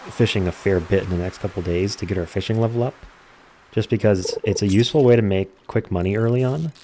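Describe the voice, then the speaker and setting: A man giving casual let's-play commentary, calmly explaining game mechanics step by step. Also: low voice, slight background noise. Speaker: gameplay commentator.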